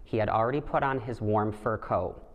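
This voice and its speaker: A man reading a children's picture book aloud in a gentle, steady storytelling manner, putting light voices on the animals. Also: lowish voice, moderate pace. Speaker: storybook reader. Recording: long hall reverb.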